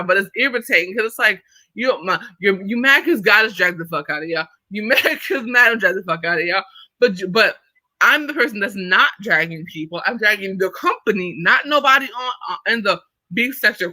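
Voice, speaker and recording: Sharp-voiced woman ranting angrily. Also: medium pitch, no echo, rough recording. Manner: profane, irritated ranting; fast, emphatic and confrontational. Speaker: livestream host. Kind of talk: livestream commentary rant.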